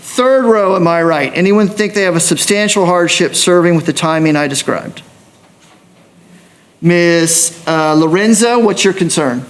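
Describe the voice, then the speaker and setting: Measured judge addressing jurors. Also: male voice, sits high. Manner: measured, explanatory. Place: courtroom.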